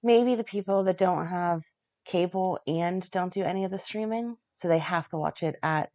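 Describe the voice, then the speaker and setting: A woman's voice: fairly low pitch, normal speed, darkish tone, dry recording, lo-fi sound. A woman co-hosting a podcast in casual chat, wry and skeptical in a laid-back way. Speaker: podcast co-host.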